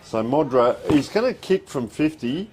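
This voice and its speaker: At a normal speed, a high-voiced Australian man commentates a community football match live from the ground. His play-by-play is easygoing and chatty, with score calls slipped in between plays.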